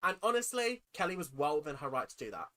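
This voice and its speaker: A woman's voice: rumbling low, expressive, rapid-fire. A woman hosting a livestream, chatting casually and bluntly, swearing freely. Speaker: livestream host. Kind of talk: casual live commentary.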